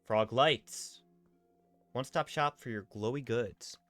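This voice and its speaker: A man's voice: medium pitch, slow, a bit bright, no room sound, soft background music. A man streaming a game live, chatting casually, reading viewer messages aloud and slipping in and out of a playful role-play. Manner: playful, rambling, reads chat messages aloud.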